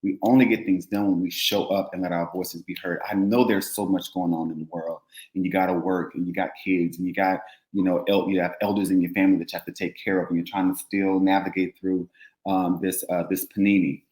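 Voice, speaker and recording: A man co-hosts a casual news talk show, speaking with fired-up conviction and hammering home repeated phrases. His voice sits on the low side. The sound carries a roomy echo. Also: level tone, a little fast, a little mellow. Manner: impassioned, preachy, repeats phrases for emphasis. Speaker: co-host. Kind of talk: casual news commentary chat.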